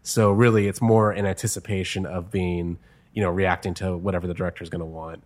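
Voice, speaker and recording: A man's voice: low-pitched, level tone, fairly quick. A man, a screenwriter, chatting casually as an interview guest and laughing often between stories.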